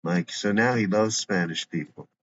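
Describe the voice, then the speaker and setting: Calm, polite guy, read by a man, very deep, lo-fi. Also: moderate pace, natural voice. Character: easygoing, polite adult man. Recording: dull lo-fi recording with faint hiss.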